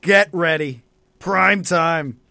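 A man's voice: on the high side, drawn-out words, sharp tone, dry recording, studio quality. A young man co-hosting a college radio sports show, ranting and mocking in a heated debate. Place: radio studio.

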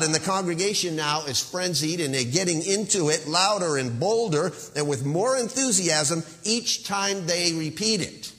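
A man's voice: fairly high pitch, normal speed, few pauses, a bit bright, long reverb tail. A male pastor preaching an earnest, emphatic sermon with a warning tone.

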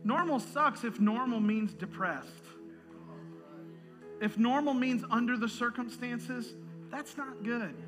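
A man preaching with a strikingly high voice, drawing his words out slowly and deliberately. He swings from spoken teaching to shouted praise and loud laughter, with music playing clearly behind him. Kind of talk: sermon.

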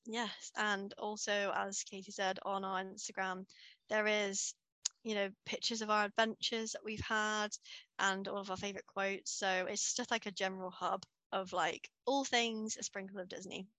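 A woman's voice: medium pitch, normal speed, no room sound. Woman on a dry mic. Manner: relaxed, friendly, many fillers. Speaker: podcast co-host. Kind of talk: casual podcast chat.

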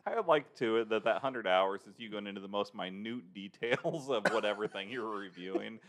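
A man's voice: on the low side, fairly quick. A man hosting a casual podcast, laughing often and teasing his co-hosts. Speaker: podcast host.

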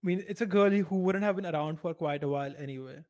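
A man's voice: on the high side, fast talker, darkish tone. Blunt, laughing podcast co-host man. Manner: blunt, laughs at his own stories. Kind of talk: casual podcast chat.

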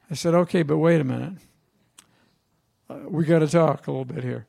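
A male pastor delivers a sermon in a conversational storytelling style, often turning to the congregation with questions. His voice is gravelly and sits slightly high for a man. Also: fairly quick, dark tone.

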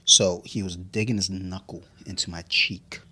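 A deep, bright-toned man with a slightly husky edge, chatting casually. He swears freely, laughs through his stories and sounds a little drunk. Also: fairly even intonation, moderate pace. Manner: profane, laughing, storytelling. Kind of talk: casual chat.

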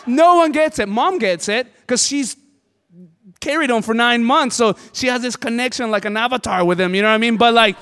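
A man's voice: very high voice, a bit bright, clear, resonant tone. A man preaching a sermon as pastor, impassioned and conversational. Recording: hall reverb.

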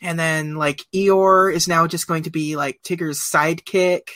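Guy rambling on a podcast, bright voice, laughs a lot, says like constantly. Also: a little high, steady tone, measured pace. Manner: rambling, laughs often, lots of fillers. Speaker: podcast co-host. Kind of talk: casual film discussion.

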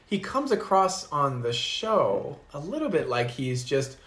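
A podcast co-host in casual chat about a reality show, speaking in a laid-back, quiet, musing way. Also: medium pitch, very animated, measured pace.

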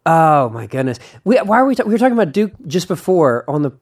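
A man's voice: on the high side, sing-song, fast, breathy edge. Eager rambling young male podcast host. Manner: eager, rambling, self-correcting, laughs often. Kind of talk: casual interview chat.

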